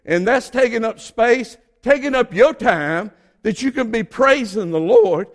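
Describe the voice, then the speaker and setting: High-voiced Southern preacher from Georgia. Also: male voice, expressive, moderate pace, gravelly, few pauses. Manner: emphatic preaching, swings between quiet asides and loud exhortation. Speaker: pastor. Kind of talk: sermon.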